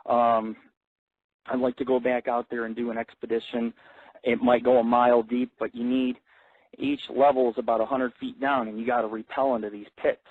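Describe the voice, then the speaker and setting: A man's voice: medium pitch, level tone, normal speed, no echo. A man hosting his own internet radio show, telling loose, profane stories full of fillers. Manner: loose, crude storytelling with many fillers. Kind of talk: rambling profane monologue. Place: Las Vegas. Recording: tinny phone-like lo-fi audio.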